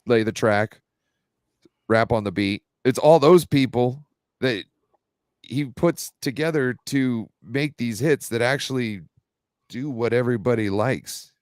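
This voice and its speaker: A man's voice: mid-range voice, no room sound, clean studio sound. A man co-hosting a casual sports talk show, telling rambling stories with lots of fillers. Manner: rambling, animated storyteller with many fillers. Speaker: podcast co-host.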